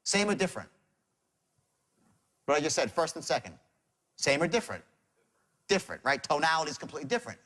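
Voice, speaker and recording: A middle-aged man teaching a sales seminar, animated, acting out calls with shifting tones. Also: a little high, quick pace, pauses often. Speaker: sales trainer.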